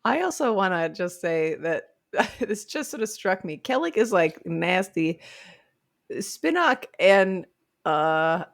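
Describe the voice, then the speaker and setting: Woman, podcast co-host, lowish voice, chatty, giggly, casual book talk. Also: big pitch swings, slow pace, vocal fry. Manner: chatty, giggly, uses a lot of "like". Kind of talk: casual book-club chat.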